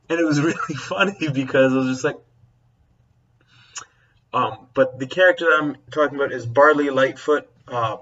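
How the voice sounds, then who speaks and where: Bright-voiced man rambling casually. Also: mid-range voice, distant mic, muffled recording. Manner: rambling, self-interrupting, chuckling. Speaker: teacher. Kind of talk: casual vlog chat.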